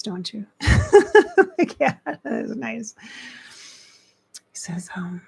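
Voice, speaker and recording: A middle-aged woman works as a medium on a livestream, channeling spirits in a soft way. Her voice is breathy and a little husky, with a middle pitch. She often sinks into near-whispers, close to her microphone. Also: lively intonation, slow pace. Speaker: psychic medium. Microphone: close desk mic.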